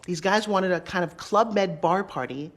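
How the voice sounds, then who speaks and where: A middle-aged woman telling career stories in an interview, acting out the dialogue with quick asides. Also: on the low side. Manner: lively, acts out quoted dialogue, quick asides. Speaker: interview guest. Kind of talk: animated storytelling.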